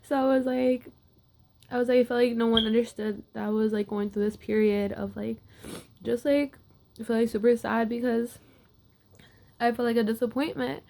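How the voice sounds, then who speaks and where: A woman's voice: a little high, steady tone, moderate pace, creaky, pauses often, mellow, a little hiss or hum. A young woman athlete casually telling a personal story to camera, with lots of filler words. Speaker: wrestler.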